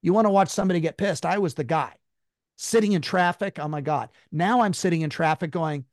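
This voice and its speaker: A high-strung man speaks bluntly and with force, swearing freely as he tells his own story in an interview. His voice sits a little high for a man. The sound is close and dry, with no room echo. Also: fairly quick. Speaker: guest.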